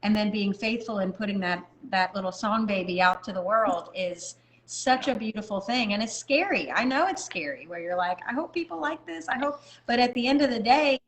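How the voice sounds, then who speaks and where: A woman's voice: mid-range voice, expressive, moderate pace, a bit bright, rough recording. Encouraging woman talking faith. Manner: encouraging, speaks of the Lord. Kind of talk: casual faith talk.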